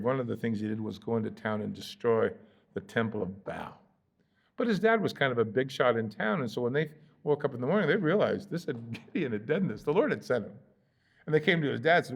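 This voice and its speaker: An American pastor teaches a Bible study in a relaxed, conversational way. His voice sits in a middle pitch with a gravelly edge, and he breaks up the reading with playful asides where he acts out the characters. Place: church sanctuary.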